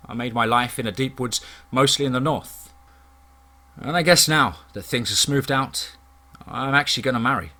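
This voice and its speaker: A man narrating a first-person horror story in a steady, dramatic storytelling manner. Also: mid-range voice, moderate pace.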